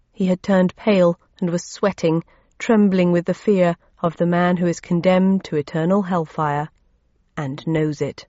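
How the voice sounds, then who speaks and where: A woman's voice: on the low side, warm tone, no room sound. A woman reading an audiobook aloud with a dry, wry storytelling manner. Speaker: audiobook narrator. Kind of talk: audiobook narration. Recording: dull lo-fi audio.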